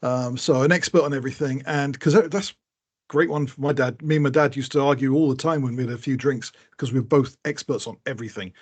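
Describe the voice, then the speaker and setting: A man's voice: medium pitch, fairly even intonation, fast, breathy edge. A man co-hosting a casual podcast who rambles, mocks himself and laughs mid-sentence. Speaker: podcast co-host. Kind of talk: casual chat.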